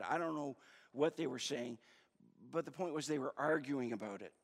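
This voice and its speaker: A man's voice: mid-range voice, moderate pace, creaky. A male pastor preaching a sermon in a conversational, searching way, with frequent fillers and restarts. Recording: long reverb of a large hall.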